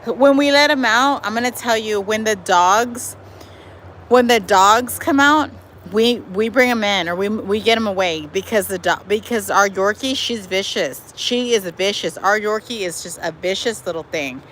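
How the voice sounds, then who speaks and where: Hosting a casual stream from her backyard, a woman with a medium pitch and normal speaking speed reads out viewer comments in a lively, chatty manner, calling them y'all. The recording is rough, carrying faint outdoor noise with traffic.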